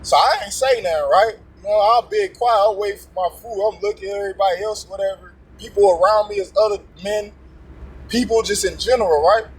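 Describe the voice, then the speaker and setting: A man's voice: sits high, brisk, breathy edge, low-quality recording. A man casually telling a testimony story, acting out both sides of a tense confrontation in streetwise slang. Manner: streetwise slang with frequent profanity.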